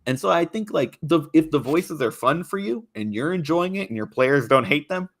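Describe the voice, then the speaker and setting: A young man talking as a guest in a casual chat, animated and expressive, laughing often. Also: on the high side, moderate pace. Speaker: guest, YouTube creator on tabletop games.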